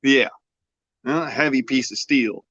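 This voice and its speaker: A man's voice: medium pitch, slow, a bit bright, husky, dry recording. Drawling man, muffled mic. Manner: drawling, profane, joking. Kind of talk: casual chat.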